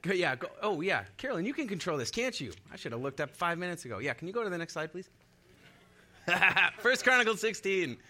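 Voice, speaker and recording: Bright-voiced young male preacher. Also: on the high side, big pitch swings, rapid-fire, few pauses, a little hiss or hum. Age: young adult. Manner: upbeat, laughs often, leads call-and-response. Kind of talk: sermon.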